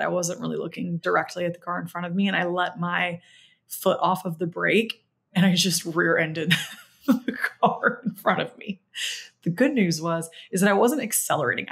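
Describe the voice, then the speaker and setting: Young woman, podcast host, casual solo storytelling, lowish voice, animated, acts out quotes. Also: breathy edge. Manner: chatty, animated retelling with quoted dialogue.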